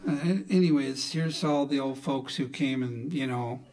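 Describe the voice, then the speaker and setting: A man's voice: medium pitch, moderate pace, a little mellow. A middle-aged man from Milwaukee, a folk musician telling a rambling, folksy story on stage between songs, with lots of "you know". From Milwaukee, Wisconsin.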